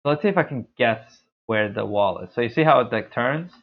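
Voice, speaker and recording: Gravelly low man, tinny lo-fi audio. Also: animated, brisk. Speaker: streamer. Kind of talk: casual live gameplay commentary.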